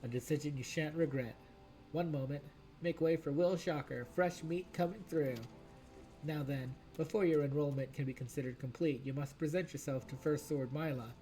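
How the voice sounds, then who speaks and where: A man's voice: a little high, moderate pace, warm tone, natural voice. A man voicing a proud, grandiose male guild recruiter in a video game, speaking formally. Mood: lofty.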